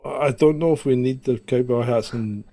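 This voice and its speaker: A man's voice: medium pitch, moderate pace, warm tone. A man in a casual podcast chat who jokes around and laughs often.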